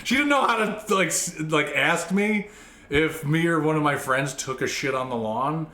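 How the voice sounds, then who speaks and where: A man's voice: on the high side, lively intonation, moderate pace, pushed and bright. Laughing, rambling man in an echoey room. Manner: laughs through crude stories, rambling with many fillers. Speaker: podcast co-host. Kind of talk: casual chat.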